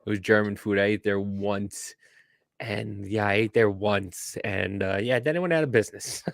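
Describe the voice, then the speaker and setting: A man's voice: lowish voice, fairly even intonation, normal speed, vocal fry, no room sound, studio quality. A man from New Jersey hosting a podcast, joking in casual chat and swearing freely. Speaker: podcast host.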